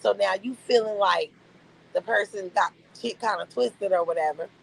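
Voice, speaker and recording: A woman's voice: mid-range voice, normal speed, gravelly, husky, low-quality recording. A young adult woman streaming live, venting bluntly and incredulously to her chat, repeating her points for emphasis.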